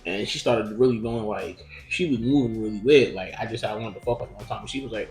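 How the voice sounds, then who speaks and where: A man's voice: lowish voice, a little fast, darkish tone, faint music behind. Young man rambling, roomy echo. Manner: profane, rambling storytelling with many fillers. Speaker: podcast co-host. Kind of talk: casual chat.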